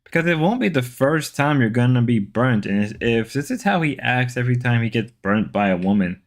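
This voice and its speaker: A man hosts a relaxed livestream from home, reading viewer comments aloud. He rambles and repeats words as he goes. His voice sits at an ordinary middle pitch. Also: fairly quick. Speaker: livestream host.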